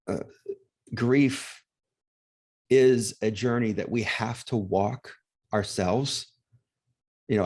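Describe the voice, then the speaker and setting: A man's voice: on the low side, a little mellow. A man interviewing a guest about grief, speaking in a reflective, encouraging way. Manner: reflective, encouraging, emotional at times. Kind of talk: warm conversational interview.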